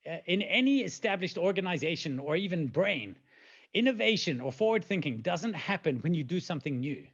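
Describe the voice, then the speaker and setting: A man in his forties gives an animated webinar talk, tossing out rhetorical questions and playful sound effects. His voice sits high, and the call audio comes through slightly dull and lo-fi. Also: brisk, breathy edge. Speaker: presenter.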